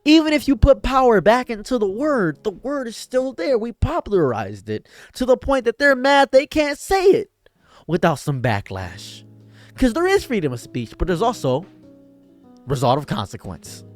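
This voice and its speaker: A man delivering an impassioned commentary monologue, emphatic and swinging from raised outbursts to quiet, low lines. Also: wildly swooping pitch, normal speed, no room sound, soft background music. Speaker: online commentator and streamer.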